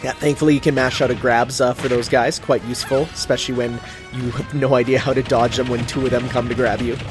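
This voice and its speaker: A man's voice: medium pitch, level tone, fast, music in the background. Rambling man sharing game trivia. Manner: rambling trivia, many fillers like "like". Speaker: co-commentator. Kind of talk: casual gameplay commentary.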